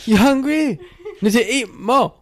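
A man's voice: very high-pitched, a little slow, voice pushed up. A man voicing a doting, tiny old grandmother with a put-on Japanese accent, fussing over food in broken English.

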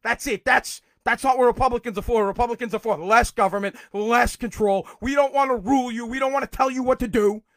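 A middle-aged man with a strikingly high voice hosts his own podcast. He rants heatedly and profanely, sometimes breaking into shouts, and his voice sits close and dry with no room sound. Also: fairly quick, hardly any pauses, dry recording. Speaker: podcast host. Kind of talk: political rant.

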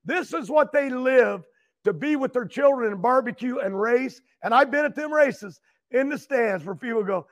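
High-voiced excitable older man. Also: moderate pace. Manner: excitable, rambling, stutters and repeats words. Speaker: guest, retired champion racer. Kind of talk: emotional storytelling in conversation.

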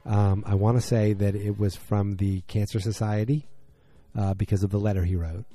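A man's voice: lowish voice, steady tone, normal speed, dark tone, faint music behind. A man from middle America with a Midwestern accent, recapping a TV drama in a rambling, filler-heavy chat and acting out the characters' lines. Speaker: show recapper.

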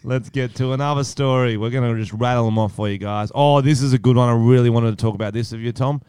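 A man's voice: mid-range voice, fairly even intonation, fast talker, darkish tone, clear, resonant tone, no echo. A young man co-hosting a comedy podcast, sarcastic and swearing as he reads out news stories. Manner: sarcastic, swearing, laughs often. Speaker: podcast co-host. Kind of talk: casual comedy podcast chat.

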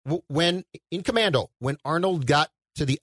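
A man's voice: a little high, normal speed, fairly bright tone, no room sound, clean studio sound. A man co-hosting a casual movie podcast, nitpicking scenes with wry sarcasm and lots of "like". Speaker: podcast co-host. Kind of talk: casual movie review chat.

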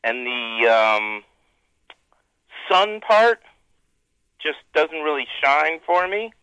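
A male caller on a phone line talks slowly and stumbles over his words. His voice is bright and smooth, and it comes through dry and close. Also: on the high side, sing-song, no room sound. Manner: halting, stammering. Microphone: phone call.

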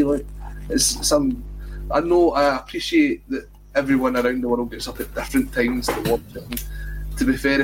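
A Scottish podcast host chats and jokes casually about football, saying "um" a lot. His voice is medium in pitch, with background noise behind him.

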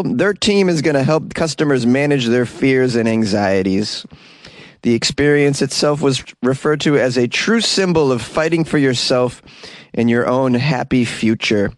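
A man's voice: mid-range voice, no room sound. Sarcastic man riffing on odd news. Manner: sarcastic, joking, animated. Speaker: host. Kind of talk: comedic news commentary. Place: Los Angeles.

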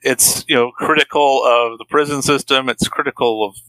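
A man co-hosting a podcast weighs in on an old film and the era it came from. His voice has a bright, forceful edge. The sound is close and dry, with no room around it. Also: medium pitch, steady tone, normal speed, dry recording, low-quality recording. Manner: adds context and commentary on the film's era. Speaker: podcast co-host. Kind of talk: casual film-discussion chat.

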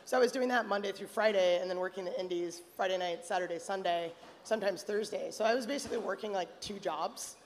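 A woman speaking as a guest on a live panel, hoarse from days of yelling, playful and bold. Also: mid-range voice, quick pace, hardly any pauses, slight background noise. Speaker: wrestling referee guest. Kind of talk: casual panel chat. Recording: live hall with long reverb.

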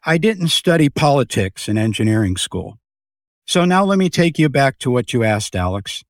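An older man, a business founder being interviewed, telling stories in a lively way and acting out the people in them. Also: mid-range voice, normal speed, no echo, studio quality. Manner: animated storyteller, acts out voices in anecdotes. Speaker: podcast guest, business founder. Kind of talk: casual storytelling interview.

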